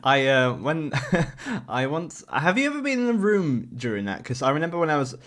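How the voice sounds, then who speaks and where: A man's voice: a little high, moderate pace. A man hosting a casual podcast chat, laughing often and telling stories with energy. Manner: laughs often, lively storytelling. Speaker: podcast host.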